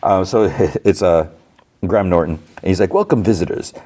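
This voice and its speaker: Man, low voice, podcast host, casual episode recap, rambling, lots of fillers. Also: steady tone, moderate pace, dark tone.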